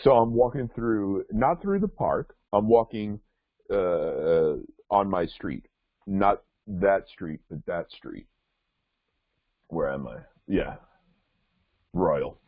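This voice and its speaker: A man hosts a casual podcast, telling a meandering story with plenty of restarts and asides. His voice sits on the low side with a husky edge. The sound is dry and squeezed thin, as if it came over a phone line. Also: expressive, slow, pauses often, dry recording. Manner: rambling storyteller with many restarts and fillers. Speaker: podcast host. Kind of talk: casual chat.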